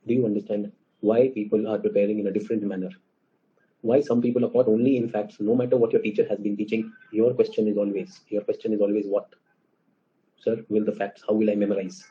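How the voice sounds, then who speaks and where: A man with an Indian English accent teaching a class, lively and often asking the students questions. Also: fairly low pitch, fast, narrow, tinny audio. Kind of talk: classroom lecture.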